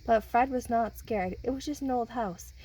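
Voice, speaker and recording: A woman's voice: on the high side, moderate pace, a little hiss or hum, rough recording. A woman reading a children's picture book aloud and chatting with the kids who listen. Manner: animated, talks with listening children. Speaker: storybook reader.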